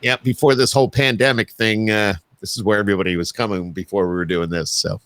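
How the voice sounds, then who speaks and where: Jokey podcast host with a Syracuse accent. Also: male voice, lowish voice, steady tone, fast talker, a bit bright, no echo. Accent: Central New York. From Central New York. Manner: jokey, rambling, laughs easily. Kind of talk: casual chat. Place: home studio.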